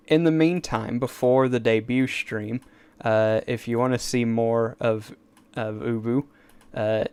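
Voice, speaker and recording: A man's voice: medium pitch, a little mellow, clear, resonant tone. A man chatting on a casual live stream at his desk mic, rambling and eager, with stammered restarts and asides. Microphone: desk microphone.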